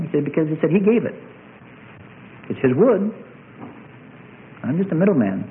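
A man preaching a rousing sermon, swinging from loud high cries to low murmurs. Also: very animated, moderate pace, a little hiss or hum. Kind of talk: fiery sermon. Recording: tinny lo-fi phone-like sound.

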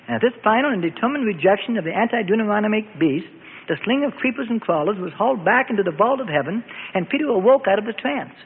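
Man narrating a bible story, high-pitched, tinny phone-like sound, long reverb. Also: fast talker, slight background noise. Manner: steady, descriptive storytelling.

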